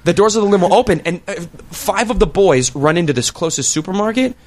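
A man's voice: fast, noisy background. A man telling a comic story among friends, swearing freely and acting out the people in it. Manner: animated, acts out kids in shrill voices, swears freely.

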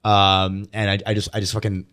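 This man is a stand-up comedian telling stories in a casual podcast chat, with a fairly low pitch and a normal speaking speed. He's animated, laughs a lot, and swears plenty.

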